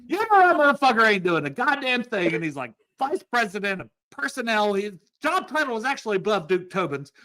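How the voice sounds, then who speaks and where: Guesting on a football podcast in casual sports chat, a man delivers a sarcastic, mock-positive rant laced with heavy swearing. His high, sing-song voice is bright and forceful, moving a little fast with few pauses.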